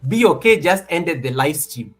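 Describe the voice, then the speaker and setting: Guy hosting a live stream, fairly high voice, teasing and laughing a lot, faint music behind. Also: lively intonation, moderate pace. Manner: playful teasing, mock threats, laughs often. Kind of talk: casual live stream chat. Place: office.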